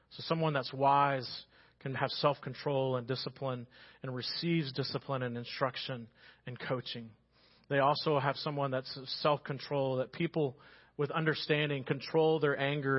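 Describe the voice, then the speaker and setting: A man preaching a sermon as pastor, telling stories in a conversational way and dropping quiet for serious points. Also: mid-range voice, lo-fi sound. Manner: storytelling, conversational with sudden quiet drops. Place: church sanctuary.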